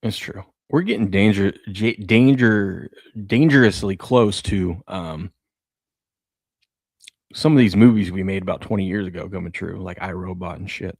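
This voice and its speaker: A man's voice: low-pitched, moderate pace, gravelly, dry recording. A man in his thirties co-hosting a sports talk show, chatting casually and laughing as he tells family stories. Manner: storytelling, laughs often, acts out his kids' voices. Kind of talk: casual chat.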